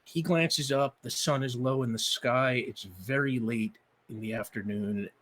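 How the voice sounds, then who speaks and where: Energetic male game master with lots of ums. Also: medium pitch, unhurried. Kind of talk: live-stream announcements and story narration.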